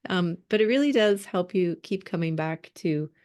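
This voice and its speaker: A woman's voice: on the low side, animated, normal speed, darkish tone. Woman course coach, upbeat and encouraging, laughs easily, video call audio.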